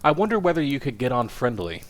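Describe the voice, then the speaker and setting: A man doing a fussy old news editor, pitched up. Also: big pitch swings, quick pace, close to an everyday voice. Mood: musing, eager. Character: crabbed old kindly male news editor.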